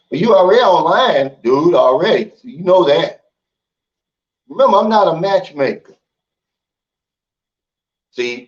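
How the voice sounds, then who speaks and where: A man hosting a livestream, talking in a blunt, folksy, opinionated way in casual chat. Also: mid-range voice. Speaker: livestream host. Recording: dull lo-fi stream audio.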